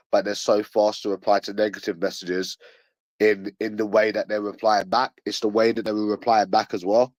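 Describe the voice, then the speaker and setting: Swearing London man, dry and low. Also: darkish tone, no room sound. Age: late 20s. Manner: swearing, boastful, aggressive slang. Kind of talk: casual ranting monologue.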